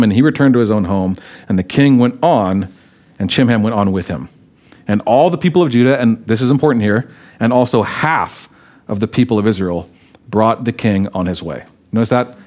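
A man's voice: medium pitch, darkish tone. A pastor preaching a sermon, who reads scripture aloud and then explains it in a conversational way, his voice rising when he quotes the tribes' arguments.

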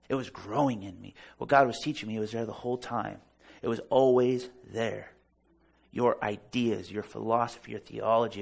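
A man's voice: mid-range voice, gravelly. A man preaching a sermon, delivering it fervently and emphatically with personal stories. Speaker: pastor.

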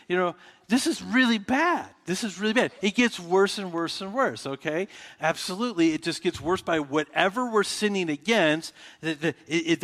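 A male pastor delivers a sermon in a relaxed, conversational way, often restarting his sentences and putting questions to his listeners. His voice sits a little higher than most men's, and it carries a long reverberation, like a church sanctuary recorded from the room. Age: adult with children. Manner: conversational preaching with frequent restarts and rhetorical questions. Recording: reverberant hall.

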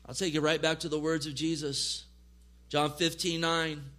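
A man's voice: on the high side, flat delivery, normal speed, a bit bright. A man preaching a sermon, reading scripture aloud and pressing his points with emphatic repetition. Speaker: pastor.

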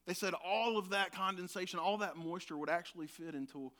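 A man's voice: sits high, fairly quick, bright, forceful tone. A man preaching a conversational sermon, telling a personal story and laughing now and then. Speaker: pastor.

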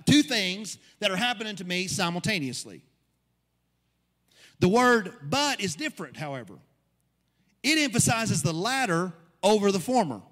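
High-voiced preaching pastor in a hall. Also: male voice, a bit bright. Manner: preaching, rising to emphatic peaks. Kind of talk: sermon. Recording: long reverb of a hall.

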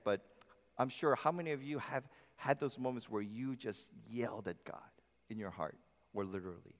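A male pastor preaching a sermon in a church, emphatic, swinging between loud passages and soft ones. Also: medium pitch, expressive, moderate pace. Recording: long reverb of a large hall.

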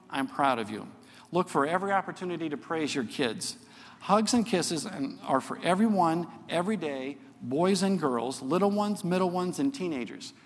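Middle-aged man preaching in a reverberant hall. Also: fairly high pitch. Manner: conversational, earnest, tags points with "okay?". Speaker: church teacher. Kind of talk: sermon.

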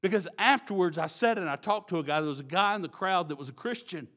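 In a high voice, a Texan-accented pastor moves between slow, hushed emphasis and loud, excited storytelling as he delivers his sermon.

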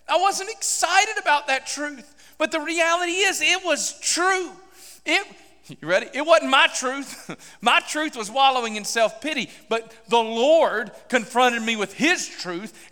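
A man, a pastor preaching a sermon and telling a story animatedly, acting out dialogue with sudden loud bursts. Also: very high-pitched, smooth, long reverb tail.

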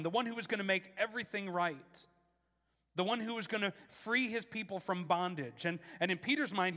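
A man's voice: high voice, sharp tone, big-room sound. A man preaching a sermon in a casual, conversational way, often repeating words as he starts his sentences. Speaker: pastor.

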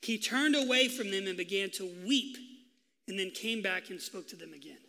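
A male pastor delivers a sermon, telling the story with lively, acted-out quotes. His voice sits high and bright. A long reverb trails behind him, as in a big hall. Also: normal speed, vocal fry.

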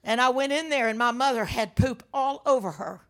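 Older woman preaching, high and dramatic. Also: brisk. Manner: dramatic storytelling with sudden loud outbursts. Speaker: minister. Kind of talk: sermon with personal testimony.

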